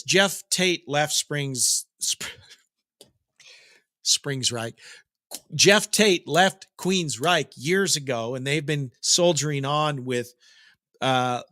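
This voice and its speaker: Chatty middle-aged rock news host. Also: male voice, a little high, fairly bright tone, dry recording, clean studio sound. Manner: chatty, jokey, digressive. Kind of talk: casual rambling commentary.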